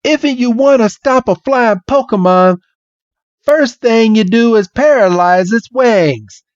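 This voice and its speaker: A man's voice: very high voice, slow, dry recording, dull audio, voice pushed up. A man putting on a hollering Southern drawl. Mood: folksy, bossy. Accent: put-on Southern American. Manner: hollering, drawling folksy talk. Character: folksy Southern male Pokémon expert.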